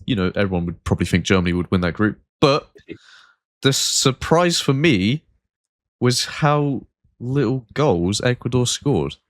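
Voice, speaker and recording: Male podcast host, low voice, dry close sound, loose easygoing delivery. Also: dry recording. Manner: relaxed, rambling with frequent fillers. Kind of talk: casual chat.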